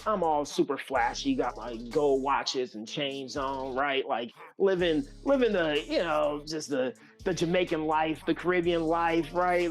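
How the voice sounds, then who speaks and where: Brief: male guest from California, slightly high voice, chatty storyteller, lots of "like" and restarts. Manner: loose and animated, many fillers and restarts. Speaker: guest musician. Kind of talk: casual storytelling.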